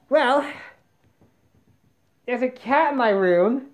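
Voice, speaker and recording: A woman doing a comic sketch rant, exasperated and yelling "no" over and over. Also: on the high side, animated, slow, pauses often. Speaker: comedy video maker.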